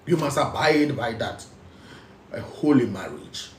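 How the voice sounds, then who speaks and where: A man's voice: medium pitch, lively intonation, measured pace, roomy sound, recorded from a distance. A man with a Ghanaian accent, speaking as a spiritual teacher, emphatic and repetitive, switching between English and local phrases. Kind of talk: preaching talk.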